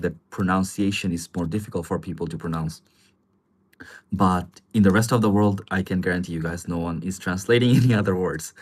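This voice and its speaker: Deep, slightly husky man, laid-back livestream host, rambling and chuckly. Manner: relaxed, rambling, chuckles often, many fillers. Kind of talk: casual live chat answering viewer comments.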